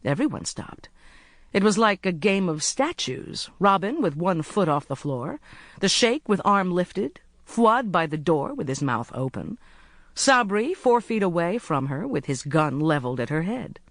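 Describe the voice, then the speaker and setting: Expressive audiobook narrator, dry close sound. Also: medium pitch, no room sound. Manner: measured, expressive storytelling.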